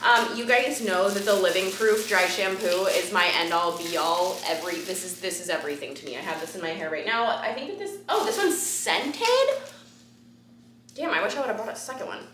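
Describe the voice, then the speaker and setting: Woman, twenties, casual vlog chat, rambling, filler-heavy, bright tone, echoey apartment room. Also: medium pitch, expressive, moderate pace, slight background noise. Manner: chatty and rambling, with frequent ums and casual swearing. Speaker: beauty vlogger. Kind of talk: casual haul chat to camera.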